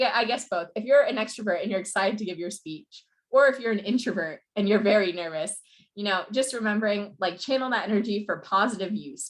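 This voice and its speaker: A young woman giving a casual presentation as a coach. She talks fast and fills her sentences with "like" and "you know". Her voice sits at a middle pitch for a woman. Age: young adult. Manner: fast-talking, many "like" and "you know" fillers. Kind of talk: casual presentation on public speaking.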